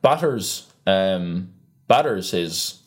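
Young man, podcast co-host, casual chat, animated rant, swearing, lowish pitch. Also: extremely slow. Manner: animated ranting, swears freely.

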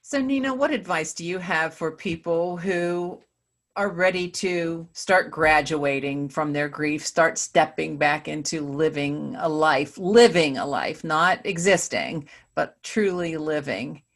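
A woman interviewer with a very low voice speaks slowly and thoughtfully. She hesitates and restarts as she searches for her words, asking reflective questions. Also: fairly bright tone. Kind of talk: conversational interview.

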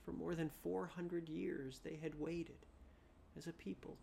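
A preacher giving a dramatic sermon, repeating phrases, rising loud then dropping to a hush. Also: mid-range voice, little pitch movement, a little slow, creaky.

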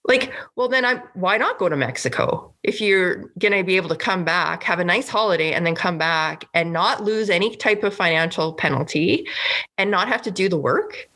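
A woman from Canada speaks in a low register with a gravelly, creaky texture. She sounds earnest and indignant in a loose political podcast conversation, leaning on "like" as she talks. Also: normal speed, pushed and bright. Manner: earnest, indignant, lots of "like" fillers. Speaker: provincial legislator co-hosting a podcast. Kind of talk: casual political chat.

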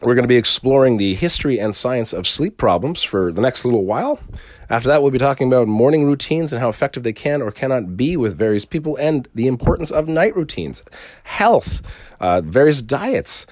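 A man's voice: medium pitch, sing-song, brisk, darkish tone, dry recording, clean studio sound. A man hosting a casual solo podcast, rambling and swearing freely, often restarting his sentences. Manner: rambling and profane, with frequent restarts. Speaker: podcast host.

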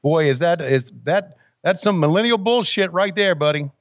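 A man's voice: high-pitched, expressive, normal speed, dry recording. A man co-hosting a casual podcast, laid-back and rambling, calling people buddy. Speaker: podcast co-host. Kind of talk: casual chat. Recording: dull dry sound.

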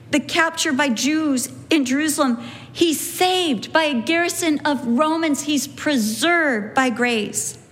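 High-voiced woman teaching from the Bible. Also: fairly bright tone. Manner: earnest, repetitive emphasis, acts out quoted lines.

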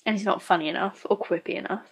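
A woman's voice: mid-range voice, fast, vocal fry, breathy edge. A woman giving casual reaction commentary on a show, blunt and sarcastic, swearing freely. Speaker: show reviewer.

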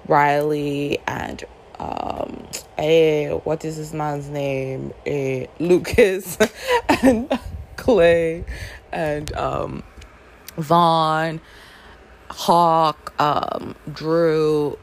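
A woman with a low-pitched voice and drawn-out words reviews a book in casual chat. She talks animatedly, acting out readers' reactions in little quoted voices.

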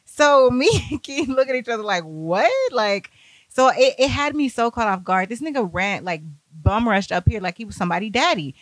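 A woman speaking spins a casual, profane story, jumping up and down in pitch as she acts out everyone's lines. Her voice sits mid-range, and the recording is dry and close. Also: moderate pace, no echo. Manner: animated, profane, acts out other people's lines.

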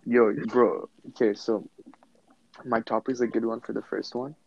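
Young male host, gravelly, rambling casual chat, dull call audio. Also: medium pitch, flat delivery, normal speed, a little mellow. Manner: slangy, rambling, lots of fillers.

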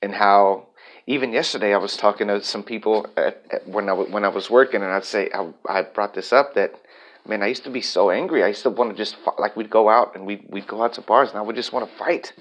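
A man with a fairly low voice talks through his own life in a loose, reflective monologue. He rambles candidly, circling back and restarting sentences as his thoughts catch up. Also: fast talker, lo-fi sound.

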